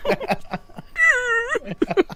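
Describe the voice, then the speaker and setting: A man co-hosting a podcast, an animated storyteller who laughs often and acts out what people said. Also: very high voice, drawn-out words. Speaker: podcast co-host. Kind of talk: casual podcast chat.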